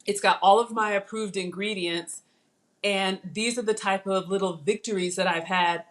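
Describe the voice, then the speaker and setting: A middle-aged woman, chatting excitedly while cooking live and tasting food. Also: mid-range voice, normal speed. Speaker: cooking livestream host. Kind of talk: casual live cooking chat.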